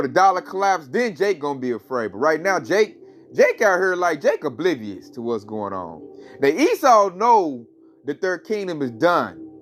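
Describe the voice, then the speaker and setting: A man with a high voice delivering religious commentary on his vlog. He talks in a preachy, repetitive, slangy way, circling back to the same points. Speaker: channel host.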